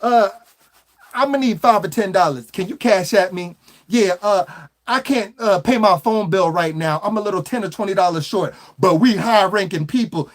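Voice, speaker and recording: A man's voice: high-pitched, normal speed, lightly acted. A man doing a broke, wheedling hustler. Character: broke, wheedling adult man begging for cash.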